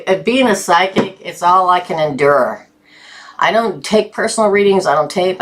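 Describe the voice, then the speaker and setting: A woman doing a live tarot reading, chatty and often breaking into laughter and excited bursts. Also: on the low side. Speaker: tarot reader.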